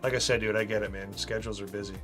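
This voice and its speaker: Bright-voiced casual man live-streaming. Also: fairly low pitch, fairly even intonation, racing. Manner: chatty, reads out viewer comments, says "man" a lot. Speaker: livestream host building a brick model. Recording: faint music behind.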